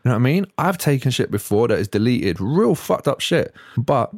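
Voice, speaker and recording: A man's voice: mid-range voice, big pitch swings, a little fast, a little mellow, no echo. Exasperated man ranting, dry sound. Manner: swearing, exasperated, slangy; stutters and restarts when worked up. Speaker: podcast host. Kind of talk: solo podcast rant.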